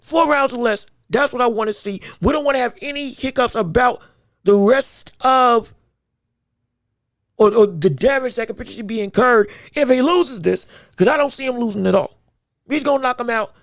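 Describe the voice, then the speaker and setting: Male podcast host with a raspy, fry-tinged voice and a dry sound. Animated, laughing commentary that stumbles over repeated words. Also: very high voice, normal speed, no echo. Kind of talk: casual boxing podcast commentary.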